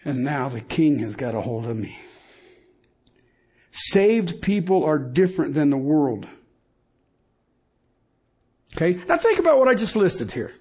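A middle-aged man preaching a sermon in a folksy, emphatic way, swinging from loud points to hushed lines. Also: a little high, sing-song, measured pace, pauses often, breathy edge. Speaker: pastor.

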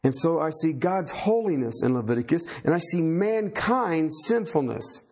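A man's voice: lively intonation, normal speed, husky. A man preaching a sermon who rises on the scripture he reads and keeps asking his listeners questions. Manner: rises loud and high on scripture, asks the crowd questions.

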